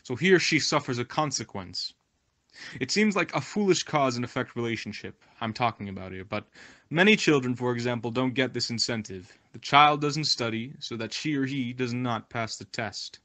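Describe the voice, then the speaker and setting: A man's voice: medium pitch, expressive, normal speed, bright, forceful tone. A man reading a translated spiritual message, earnest and exhorting as he draws a moral for his listeners. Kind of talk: devotional talk, read translation.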